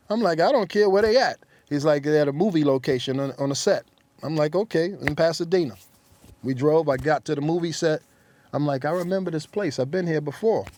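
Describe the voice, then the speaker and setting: A man's voice: fairly high pitch, no room sound. A middle-aged man, a rapper telling stories in an interview and acting out what others said. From New York. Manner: acts out quotes in lively voices. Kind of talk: animated storytelling.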